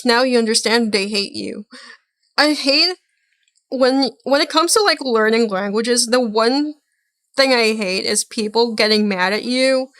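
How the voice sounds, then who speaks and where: Slow-talking, blunt woman streamer. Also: a little high, a bit bright, clean tone, no echo. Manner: rambling, blunt, swears casually. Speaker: streamer reacting to a video. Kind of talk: casual reaction chat.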